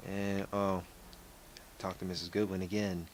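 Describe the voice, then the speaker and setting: A young man comments casually on his game as he plays. His voice is low and his talk rambles and corrects itself. A faint background noise stays under him. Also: normal speed. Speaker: let's play gamer.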